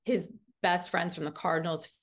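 A woman in her thirties, a podcast guest, telling a story in a casual, animated way, full of "like" fillers. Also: fairly low pitch, moderate pace.

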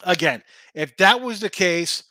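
A man hosting a sports betting show, chatting casually and answering viewer comments in a rambling, excitable way. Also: high voice, a little slow, no room sound. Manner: rambling, excitable, talks back to chat. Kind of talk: casual live-stream chat reading viewer comments.

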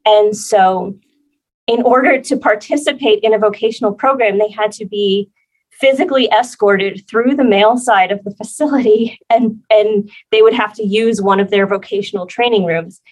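A woman guest on a podcast interview, explaining her work as a facility planner in a measured way. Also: medium pitch, rough recording.

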